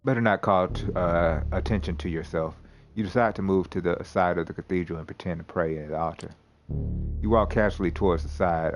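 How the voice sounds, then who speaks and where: Man with a low voice reading a game. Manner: casual, with restarts and asides. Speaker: streamer playing a narrative game. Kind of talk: reading game text aloud with commentary.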